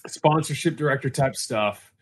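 A man's voice: medium pitch, moderate pace, breathy edge. A man hosting a casual interview, asking short questions and adding brief interjections. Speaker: host.

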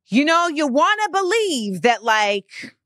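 A woman hosts a relaxed interview, talking in a chatty, slangy way full of quick interjections. Her voice is bright and a little high, recorded close and dry with no room sound. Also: no room sound. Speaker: podcast host. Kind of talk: casual conversational interview.

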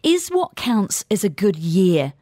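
A woman presenting business news, chatting briskly and interviewing a guest in a conversational, opinionated way. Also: mid-range voice, big pitch swings, warm tone, no room sound, studio quality.

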